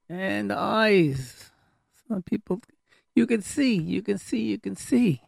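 A man's voice: high voice, expressive, a little slow, vocal fry, a little mellow, no room sound, clean studio sound. A man giving an emphatic, repetitive sermon as a religious teacher.

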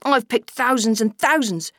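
A woman reading aloud voices a proud, scornful small boy in a high, scoffing voice. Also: a little slow, a bit bright, no echo, studio quality.

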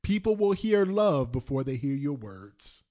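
A male pastor preaching a sermon on a prayer call, repeating lines slowly for emphasis and swinging between loud and soft. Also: mid-range voice, big pitch swings. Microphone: phone call.

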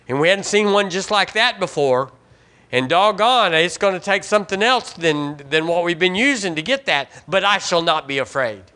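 A man's voice: fairly high pitch, pushed and bright. A male pastor with a Southern US accent preaching a sermon in a church, reading scripture aloud and leading the congregation to repeat lines after him, with emphatic repeated phrases. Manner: preaching with call-and-response and rising emphatic repetitions. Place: church sanctuary.

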